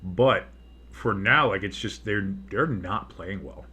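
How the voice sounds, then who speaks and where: A man's voice: on the low side, slow pace, bright, forceful tone. A man giving casual live play-by-play commentary on a football game, rambling and swearing as he reacts. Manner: rambling, swears, restarts his sentences.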